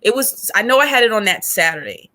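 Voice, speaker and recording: A woman guest on a faith podcast, retelling a hard stretch of her life as an animated storyteller who acts out past conversations. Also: a little high, quick pace. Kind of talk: emotional personal testimony.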